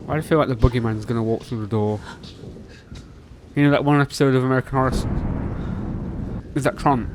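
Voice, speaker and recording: A man hosting a reaction video, excitable, swinging between shouts and mutters as he reacts to a series. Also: mid-range voice, quick pace, long pauses, noisy background.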